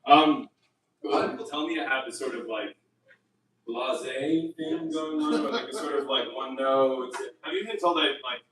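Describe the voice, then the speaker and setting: A man's voice: mid-range voice, moderate pace, crowd noise. A man doing a rambling open-mic stand-up set, full of fillers and chuckling at his own jokes. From United States. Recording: roomy venue heard from a distance.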